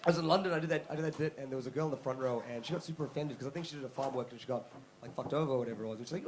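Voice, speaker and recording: A young man from South Africa performing a stand-up comedy set on a club stage, telling stories with animated mock voices. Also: mid-range voice, very fast, slight background noise, poor audio. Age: young adult.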